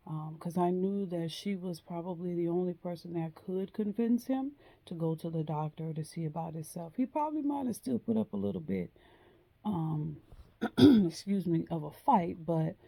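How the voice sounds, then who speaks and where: A woman telling a personal story in a slow, hesitant way, with frequent pauses and ums. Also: low-pitched, creaky, dark tone. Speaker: vlogger.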